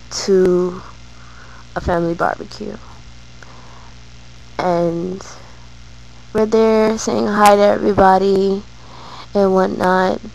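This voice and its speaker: A woman's voice: mid-range voice, vocal fry, darkish tone, poor audio. A woman vlogging, telling a personal story in a hesitant way with many fillers.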